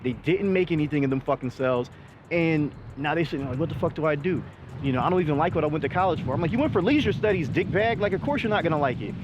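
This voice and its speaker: A middle-aged man and vlog host in casual chat, talking bluntly with lots of profanity and animated emphasis. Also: fairly high pitch, quick pace, dull audio, noisy background.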